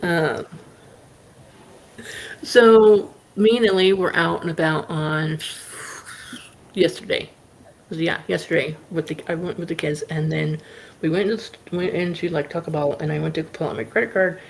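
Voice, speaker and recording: A woman's voice: sits low, measured pace, creaky, long pauses. A woman livestream host casually telling a rambling story, full of "like" fillers. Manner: animated anecdote telling.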